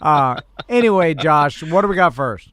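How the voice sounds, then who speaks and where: A man's voice: on the high side, lively intonation, normal speed, fairly bright tone. A male radio co-host in loose, joking studio banter, laughing often. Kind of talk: casual chat.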